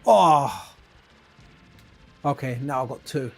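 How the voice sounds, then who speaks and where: A man's voice: high voice, expressive, normal speed, darkish tone. Chatty man streaming retro games. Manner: rambling, laughing, chatty with viewers. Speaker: gaming livestream host. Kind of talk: casual gameplay commentary and chat. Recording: faint game music behind.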